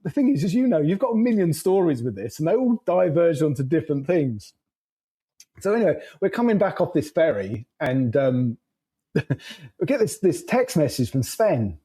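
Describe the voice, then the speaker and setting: A man's voice: fairly high pitch, very animated, normal speed, warm tone, slightly rough, low-quality recording. A man, a podcast guest telling road stories in a loose, rambling way, laughing and swearing as he goes. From England. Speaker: podcast guest, motorcycle traveler. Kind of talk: casual storytelling.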